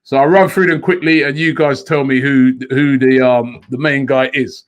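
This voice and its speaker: A man's voice: mid-range voice, fairly even intonation, normal speed. A man hosting a casual football debate, talking in a laid-back, hesitant way with frequent restarts. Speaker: host.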